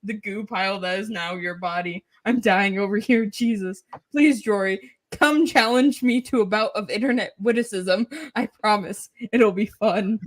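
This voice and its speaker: A woman's voice: medium pitch, normal speed. A woman co-hosting a casual podcast, giving teasing, mocking commentary. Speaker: podcast co-host. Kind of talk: casual chat.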